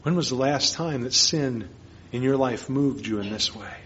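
A man preaching a sermon as pastor, earnest, moving between hushed and emphatic lines. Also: medium pitch, normal speed, a little hiss or hum. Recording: dull lo-fi sermon recording.

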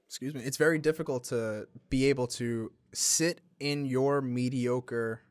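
A young man chatting on a podcast, swearing freely and jumping between thoughts. His voice is mid-pitched and close on the mic in a dry, dead room with no echo. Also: a little slow. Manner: swearing, animated, slips into mock voices. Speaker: podcast co-host. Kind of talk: casual podcast chat.

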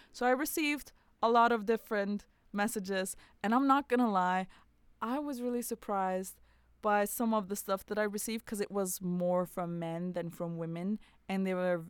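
Woman, podcast host, casual chat, playful, laughs a lot, smooth clear voice. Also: fairly low pitch, dry recording. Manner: chatty, laughs often, frank and playful.

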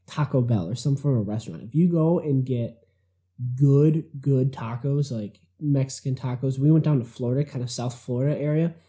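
Man, very dark mellow voice, casual rambling chat, lots of fillers. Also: medium pitch. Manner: rambling, filler-heavy, laughs often.

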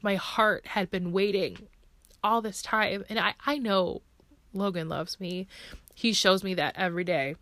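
A woman's voice: lowish voice, fairly bright tone, no room sound. A woman in her thirties hosting a personal podcast, talking in a heartfelt, emotional way and laughing now and then. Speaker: podcast host.

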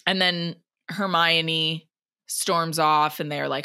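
A woman's voice: deep voice, fairly even intonation, slow pace, pushed and bright, clean tone. A woman co-hosting a podcast, chatting animatedly as she retells a book chapter. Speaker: podcast co-host. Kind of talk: casual chat recapping a book.

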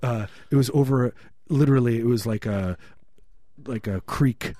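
A man's voice: mid-range voice, normal speed, mellow, no echo, studio quality. A man co-hosting a comedy podcast, rambling through absurd jokes in casual banter. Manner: rambling absurd riffing, frequent laughs.

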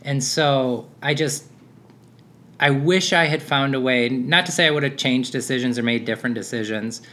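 A man's voice: medium pitch, moderate pace, fairly bright tone. A man, a podcast host in his thirties, talking about fatherhood in a casual, rambling monologue full of fillers and restarts. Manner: rambling, self-interrupting, with frequent fillers.

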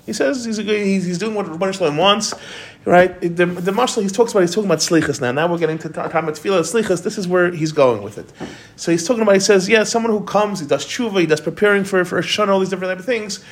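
Man, informal Torah class, fairly high voice, casual and conversational. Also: fast talker. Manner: conversational, many restarts, quoting commentators. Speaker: rabbi giving a Torah class.

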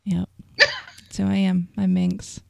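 A woman's voice: fairly low pitch, monotone, slow, vocal fry, mellow, no echo. Woman, chatty podcast cohost, dry close sound. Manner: chatty, self-deprecating, laughs often. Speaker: podcast co-host. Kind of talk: casual chat.

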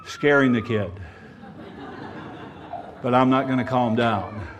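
A male preacher giving a sermon, swinging between loud emphasis and quiet asides and speaking directly to the congregation. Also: mid-range voice, lively intonation, unhurried, long pauses, a little hiss or hum.

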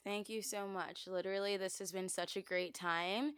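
A woman's voice: mid-range voice, fairly even intonation, moderate pace, fairly bright tone, clear, resonant tone, dry recording, studio quality. A young woman, a guest on a podcast, talking in a chatty, upbeat way with lots of "like". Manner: chatty, upbeat, says "like" often. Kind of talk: casual podcast chat.

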